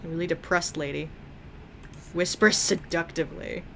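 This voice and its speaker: A woman narrates her own game-playing in a casual let's-play style, excitable and quick to swear and laugh. Her voice is bright and forward. She talks at an unhurried, drawn-out pace over a faint hum of noise. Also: lowish voice, vocal fry. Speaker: gaming video creator.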